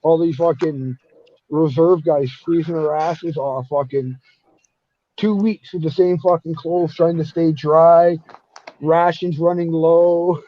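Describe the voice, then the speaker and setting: A man telling cold-weather stories in casual chat, heavy with swearing. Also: a little high. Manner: profane, storytelling. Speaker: podcast guest telling stories. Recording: dull dry lo-fi audio.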